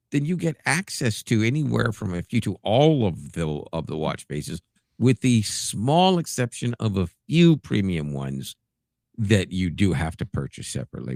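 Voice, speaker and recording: A man hosting a tech podcast, with a very low voice and a gravelly fry. He talks in a casual, rambling way and drifts into side tangents. The recording is close and dry. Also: a little mellow, dry recording. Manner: rambling, digressive. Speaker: podcast host. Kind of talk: casual chat.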